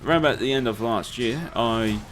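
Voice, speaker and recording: A man's voice: mid-range voice, a little fast, a bit bright, slight background noise. A young man, telling swear-laden stories and laughing as he plays a game. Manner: swears freely, laughs through his stories. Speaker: let's play host. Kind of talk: casual storytelling over gameplay.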